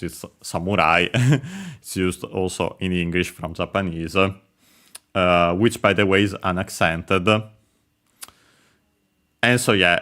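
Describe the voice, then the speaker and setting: A man giving a casual language lesson, explaining slowly with many hesitant pauses and fillers. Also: sits low, a bit bright. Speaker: language teacher.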